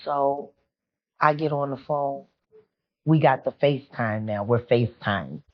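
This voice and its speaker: On a podcast, a woman guest with an extremely low-pitched voice tells a personal story without hurrying, rambling and confiding with plenty of emotion. It's a candid storytelling interview, and the audio sounds muffled and lo-fi.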